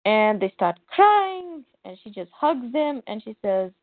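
This podcast co-host has a fairly high voice and a measured pace with few pauses, animatedly retelling a comic's story and reading the characters' lines aloud in a casual recap. The audio has no echo and sounds dry and tinny, like a phone.

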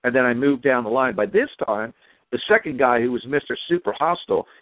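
A man's voice: mid-range voice, a little fast, no echo. Man telling a story over a phone line. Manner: animated, retells his own dialogue. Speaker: caller. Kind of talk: call-in storytelling.

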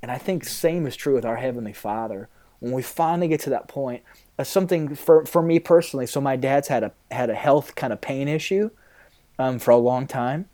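A man's voice: mid-range voice, fairly quick, mellow. A man in his thirties, a pastor, talking candidly in a casual interview, rambling a little with fillers.

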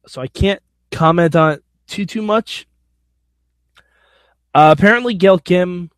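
Recapping wrestling alone on his podcast, a man speaks casually, bluntly, and with strong opinions, now and then swearing. The pitch is a little high, and the audio has studio quality without room sound.

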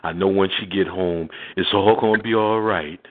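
A man's voice: low-pitched, moderate pace. A man hosting a radio show, telling a laughing, slangy story in casual chat and acting out the voices in it. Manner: animated, laughing, slangy, acts out quotes. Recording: tinny phone-like line with clear noise.

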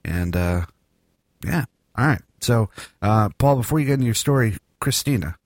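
A man's voice: medium pitch, brisk, no echo. Rambling man hosting a podcast, dry sound. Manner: rambling, joking, many fillers. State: morning voice. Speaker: podcast host. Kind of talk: casual podcast chat.

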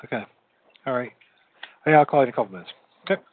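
A man's voice: mid-range voice, lively intonation, racing, no echo. Rambling man on a tinny line. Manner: rambling, repeats words, laughs easily. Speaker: podcast host. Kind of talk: casual late-night call-in chat. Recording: tinny phone-like sound.

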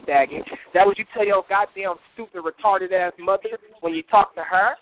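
High-voiced man trash talking over phone. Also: normal speed, no room sound. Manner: profane, boastful, laughing. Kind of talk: heated trash talk. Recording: tinny phone-like line.

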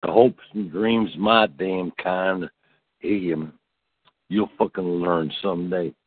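A man's voice: low voice, fairly even intonation, takes it slowly, no room sound. A man rambling through a profane comedic monologue, drawling and tacking "man" onto his lines. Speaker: podcast host. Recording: tinny phone-like sound.

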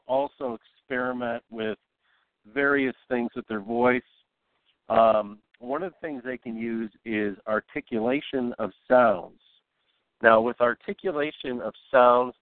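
A man's voice: mid-range voice, no echo. Man teaching voice over a tinny line. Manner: relaxed, rambling, with many fillers and restarts. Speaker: voice coach. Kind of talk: informal spoken lesson. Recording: tinny, dry phone-like sound.

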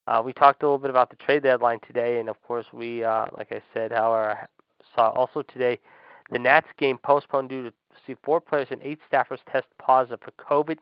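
A man co-hosting a wrestling podcast, loud and crude, taunting and ranting in trash-talk style. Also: medium pitch, clean tone, no room sound. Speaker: podcast co-host. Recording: dull lo-fi dry sound.

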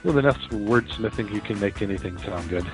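A man's voice: lowish voice, brisk, music in the background, poor audio. A man co-hosting a podcast, reading a joke aloud in casual chat, laughing often and stumbling over repeated words. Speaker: podcast co-host.

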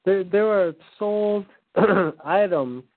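A man's voice: sits high, takes it slowly, no room sound. A man hosting a prank call show, chatting casually over a voice call and rambling through stammered restarts. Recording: tinny phone-like call audio, dry.

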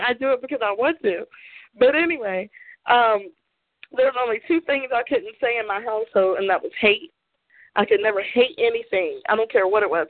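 A woman's voice: on the high side, no room sound. A woman co-hosting a talk show, ranting her opinions bluntly, swearing freely and laughing often. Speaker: podcast co-host giving opinions. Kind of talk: casual opinion rant. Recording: tinny phone-like line, dry.

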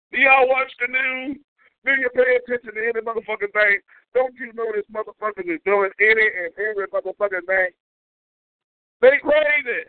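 A man hosting a call-in comedy show, ranting loudly and profanely with whooping shouts, heard over a tinny phone line. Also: very high voice, no room sound. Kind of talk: comedic call-in radio rant.

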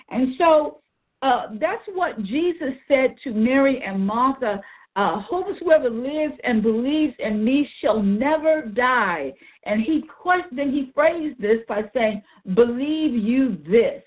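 A woman's voice: sits high, animated, slow pace. A woman leading a Bible study, reading old-style scripture and then explaining it earnestly. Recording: tinny phone line.

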